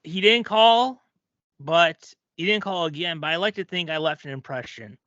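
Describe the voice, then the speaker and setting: A man's voice: fairly high pitch, normal speed, sharp tone, dry recording, lo-fi sound. A man hosting a comedy podcast, telling stories animatedly, laughing often and acting out quotes. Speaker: podcast host. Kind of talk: comedic storytelling chat.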